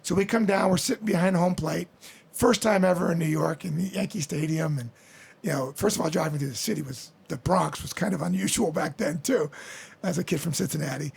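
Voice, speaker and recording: A middle-aged man from the Midwest, a podcast guest telling stories in an animated way. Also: on the high side, brisk, vocal fry, breathy edge. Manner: animated storyteller acting out crowd voices. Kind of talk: storytelling interview.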